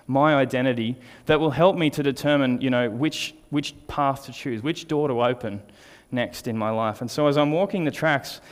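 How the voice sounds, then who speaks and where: A man's voice: medium pitch, smooth. A man giving a conversational sermon, often asking "right?" as he tells a personal story. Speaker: preacher. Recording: long hall reverb.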